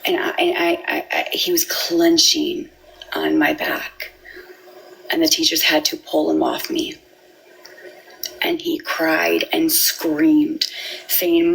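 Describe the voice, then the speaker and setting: A woman giving a halting, emotional personal account, often repeating words and restarting. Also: deep voice, gravelly, low-quality recording. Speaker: parent telling her story.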